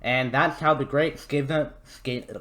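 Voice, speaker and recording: A man's voice: mid-range voice, fairly even intonation, slow pace, crowd noise. Casual guy doing a history vid, swears a lot, rambly and jokey. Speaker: history channel host. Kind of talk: casual history video narration.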